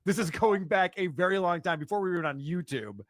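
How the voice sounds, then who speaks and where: A man's voice: high voice, expressive, quick pace, dry recording, clean studio sound. A man in a played podcast clip, arguing in a dismissive way. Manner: dismissive, argumentative.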